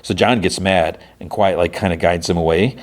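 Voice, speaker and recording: A man's voice: deep voice, steady tone, normal speed. A man hosting a podcast, casually recapping an episode in a rambling way, full of "like" and restarts. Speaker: podcast host.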